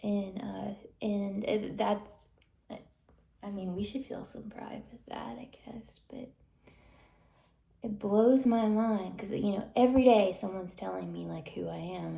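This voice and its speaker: A woman with a gravelly, mellow voice rants indignantly to her viewers. She keeps dropping into hushed, whispered asides. Her voice carries a roomy echo. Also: medium pitch. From United States. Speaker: vlogger. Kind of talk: ranting monologue to camera.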